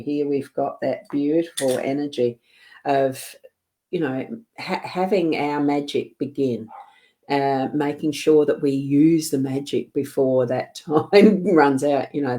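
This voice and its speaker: A middle-aged woman with an Australian accent from South Australia, giving a gentle, meandering live card reading from her home desk, full of fillers and self-corrections. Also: a bass voice, a little slow. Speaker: psychic card reader.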